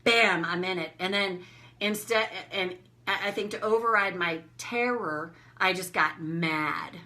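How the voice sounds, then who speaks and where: A woman's voice: lowish voice, unhurried, sharp tone. A middle-aged woman coach talking casually and candidly on a live video stream, telling a personal story with frank language. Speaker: tapping coach. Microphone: phone or webcam, live video.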